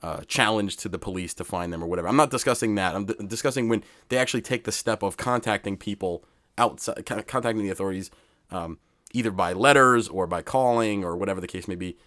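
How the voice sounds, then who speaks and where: A man hosting a podcast, introducing a segment with many pauses and restarts. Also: lowish voice, fairly bright tone, no echo, clean studio sound. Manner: hesitant, many ums and restarts. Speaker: podcast host. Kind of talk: casual podcast talk.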